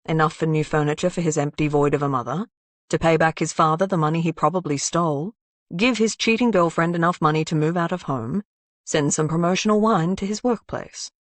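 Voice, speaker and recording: A woman voicing a calm, menacing male crime boss in an audiobook, speaking in a cool, measured and quietly threatening way. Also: fairly high pitch, no room sound, lightly acted.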